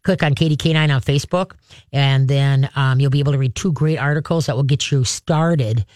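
A woman hosting a call-in radio show as a dog trainer, chatty and animated, with lots of fillers and restarts. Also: rumbling low, fairly quick, dry recording, clean studio sound. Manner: chatty, animated, acts out dog and owner voices.

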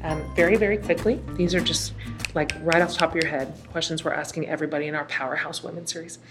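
A woman hosts a podcast interview in an effusive, enthusiastic way. Her voice sits a little low. She talks conversationally and reads sponsor spots in the same chatty tone. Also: fairly even intonation, quick pace, over music. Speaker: podcast host. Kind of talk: warm conversational interview and read ad.

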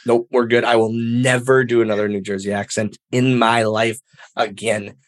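A man, a professional wrestler, telling stories as an interview guest in a lively, casual way, acting out quoted dialogue and filling in with "like". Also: mid-range voice, normal speed. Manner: animated, acts out quoted dialogue, many fillers like "like".

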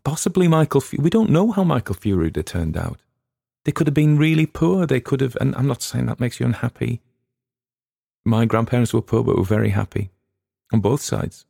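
A man's voice: mid-range voice, lively intonation, brisk, creaky, warm tone, dry recording, clean studio sound. An English man hosting a podcast, chatting casually in a rambling, digressive way with frequent restarts. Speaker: podcast host and reader.

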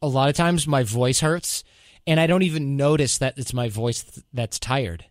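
A man hosting a podcast, talking casually and handing out practical tips. His voice sits in a middle pitch range and comes across dry and close to the mic. He jumps into quick acted-out quotes now and then. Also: no room sound. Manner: animated, advice-giving, mock-quoting himself. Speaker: podcast host.

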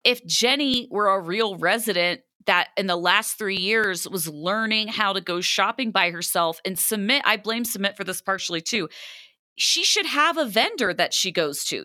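A woman co-hosting a podcast in casual chat, emphatic and quick to laugh. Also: mid-range voice, lively intonation, bright, forceful tone, no echo, studio quality. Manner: chatty, laughs often, emphatic. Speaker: podcast co-host.

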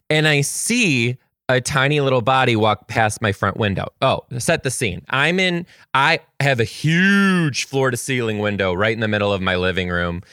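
A man who teaches kindergarten, telling a story to his viewers in a gushing, animated, chatty way. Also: on the low side, smooth, no room sound, clean studio sound. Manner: chatty with frequent "like" fillers.

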